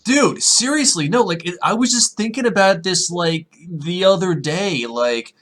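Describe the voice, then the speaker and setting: A middle-aged man hosting a casual podcast chat, animated and full of fillers. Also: high-pitched, a little slow. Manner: animated, laughing, uses many fillers. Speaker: podcast host.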